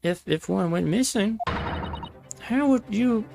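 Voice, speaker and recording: Shrill indignant woman juror, a man putting her on, high huffy falsetto, stammering, game music behind. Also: takes it slowly, gravelly, heavily acted, low-quality recording. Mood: defensive. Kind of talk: voicing game characters live.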